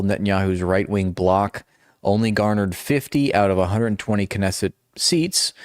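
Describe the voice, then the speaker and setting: A man's voice: sits low, dry recording, clean studio sound. A man running a live-stream commentary, reading articles aloud and breaking off into sarcastic, mocking asides.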